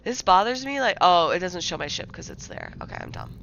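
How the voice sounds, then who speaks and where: A woman's voice: lowish voice, expressive, a little fast, a bit bright, slight background noise. A young woman from the American Midwest chatting casually on a livestream, rambling with lots of fillers and restarts. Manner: rambling, filler-heavy, many likes and restarts.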